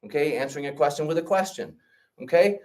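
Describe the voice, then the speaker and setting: Animated man telling stories in a lesson. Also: on the high side, fast, recorded from a distance. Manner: animated, checks in often with 'okay?' and 'right?'. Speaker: trip leader and teacher. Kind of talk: orientation talk with storytelling.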